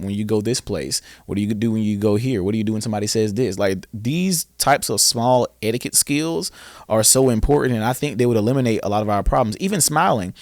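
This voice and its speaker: This young man speaks in a lowish voice with a Southern American accent, and the recording has no room sound. He's a podcast guest who founded a boys' school, earnestly sharing his story and acting out the questions he asked back then.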